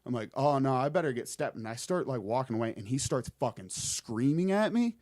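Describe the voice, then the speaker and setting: A man's voice: mid-range voice, brisk, no echo, studio quality. A young man telling a creepy personal story on a podcast, rambling and swearing as he goes. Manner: rambling, swearing, animated retelling. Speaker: podcast guest. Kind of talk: casual storytelling.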